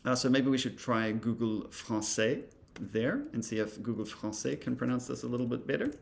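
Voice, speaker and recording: A man's voice: medium pitch, expressive, moderate pace, vocal fry, slight background noise. A man giving a casual recorded lesson, thinking aloud with many ums and uhs. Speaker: instructor. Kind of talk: recorded lecture demonstrating software.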